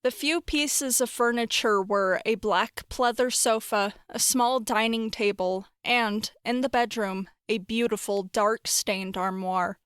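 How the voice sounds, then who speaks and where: A woman narrating a horror story in a wry, expressive storytelling manner. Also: on the high side, unhurried, hardly any pauses, smooth, no echo, studio quality.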